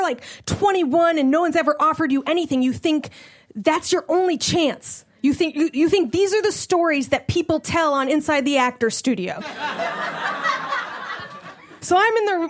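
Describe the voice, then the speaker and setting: A young woman doing stand-up, telling a story in an animated way and laughing as she goes. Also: high-pitched, moderate pace. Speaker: stand-up comedian.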